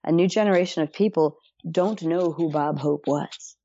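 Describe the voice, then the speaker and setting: Low mellow-voiced woman, dull lo-fi sound. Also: normal speed, no echo. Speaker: podcast co-host. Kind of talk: casual chat with trivia asides.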